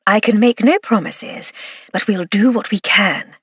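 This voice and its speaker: A woman's voice: medium pitch, measured pace, a bit bright, slightly rough, dry recording. A woman voicing a witty, composed aristocratic Edwardian lady with dry understatement in an audiobook. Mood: wry.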